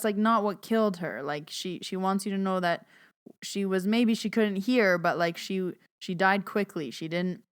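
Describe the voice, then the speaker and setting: Chatty woman with a smooth, low voice. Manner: chatty, animated retelling with lots of "like". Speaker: podcast host and medium. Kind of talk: casual storytelling monologue.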